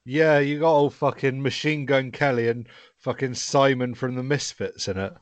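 A man's voice: medium pitch, steady tone, moderate pace, dry recording. Joking man, dry close sound. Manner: joking, sweary. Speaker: podcast co-host. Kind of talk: casual chat.

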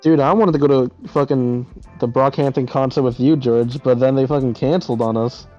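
A young man chats on a podcast over a voice call, slangy, excitable and quick to swear. His voice sits at a middling pitch with a soft, mellow tone. The call audio is dull and lo-fi, with faint music somewhere behind. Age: young adult. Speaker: podcast co-host. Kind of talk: casual chat. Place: home, on a voice call. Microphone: computer mic over a voice call.

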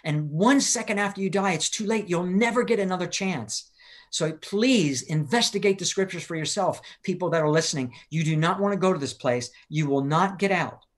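A man's voice: high voice, expressive, moderate pace. An older man earnestly telling a personal testimony in an interview, urgent and acting out the people he quotes. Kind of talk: earnest storytelling in a live-streamed interview.

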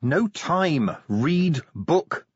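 A man's voice: a little high, sing-song, drawn-out words, slightly rough, no room sound, muffled recording, pitched above the performer's own voice, heavily acted. A man playing a dazed, wailing wounded commander. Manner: dazed, childlike chanting, rising to anguished wails. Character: delirious wounded middle-aged male watch commander.

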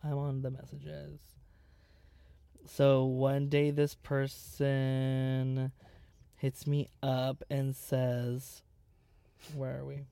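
A man in his twenties hosting a podcast, chatting casually in an animated, dramatic way with plenty of swearing. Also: medium pitch, very slow, gravelly, long pauses, clean tone, no room sound. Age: 20s. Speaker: podcast host. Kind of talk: casual chat.

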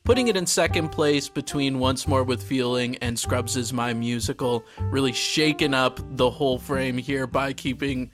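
A man's voice: mid-range voice, moderate pace, few pauses, soft background music. Hedging man podcast co-host. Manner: hedging, lots of "you know" and "um". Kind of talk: casual chat.

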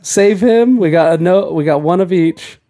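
A man's voice: sits high, moderate pace, warm tone. A man co-hosting a casual podcast, giggling often as he reads out viewer comments. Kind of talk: casual chat.

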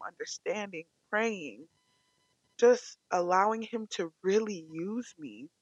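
A woman's voice: medium pitch, dry recording, highs cut off. Young woman giving an emotional testimony. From California. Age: young adult. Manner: emotional, animated storytelling. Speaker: testimony speaker. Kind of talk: personal faith testimony.

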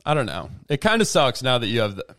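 Here a man's mid-range voice moves fast as he co-hosts a relaxed home podcast on a desk microphone. He tells meandering tales, animatedly impersonating the people in them.

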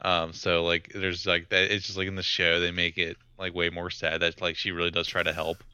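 A man's voice: low-pitched, level tone, brisk, pushed and bright, clear, resonant tone, dull audio. A young man co-hosting a casual chat, rambling through his retelling with lots of "like" and "um". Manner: rambling, filler-heavy retelling. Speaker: podcast co-host.

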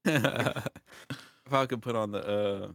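A man's voice: medium pitch, vocal fry, a bit bright, no room sound, clean studio sound. A man in casual podcast banter with friends, laughing often and drawing out his jokes. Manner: laughs often, drawn-out joking delivery.

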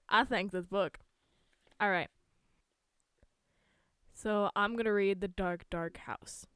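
A woman's voice: medium pitch, smooth, no echo, studio quality. A woman reading a spooky story aloud, often stumbling and restarting words. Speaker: reader of scary stories.

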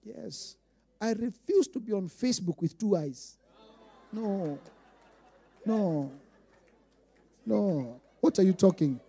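Emphatic Kenyan pastor, high and mellow. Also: male voice, animated, slow pace, vocal fry, pauses often, slightly rough. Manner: emphatic, swinging between quiet asides and loud declarations; repeats lines for emphasis. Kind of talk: sermon.

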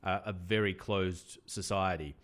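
An Australian man with a very low, deep voice chats casually about books as a podcast co-host. He talks in a relaxed way, hesitating often and filling gaps with ums. His speech is unhurried and conversational. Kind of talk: casual book chat.

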